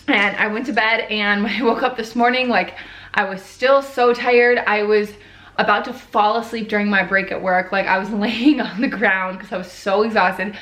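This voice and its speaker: Young woman, casual diary vlogger, chatty and worn out, middling pitch, roomy echo. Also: fairly even intonation, normal speed, fairly bright tone. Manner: chatty, heavy use of "like", tired.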